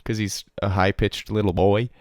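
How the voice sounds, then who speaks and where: A young man co-hosting a podcast, chatting casually about esports news with lots of laughing and squeaky impressions of players. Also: flat delivery, moderate pace, a little mellow, no room sound, clean studio sound. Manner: laughing, mimics players in high squeaky voices. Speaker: podcast co-host.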